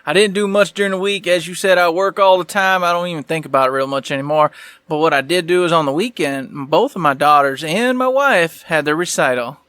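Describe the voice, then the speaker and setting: A man's voice: fairly high pitch, brisk, a bit bright, smooth, no room sound. A middle-aged man co-hosting a podcast, telling an easygoing, jokey story in casual chat. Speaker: podcast co-host.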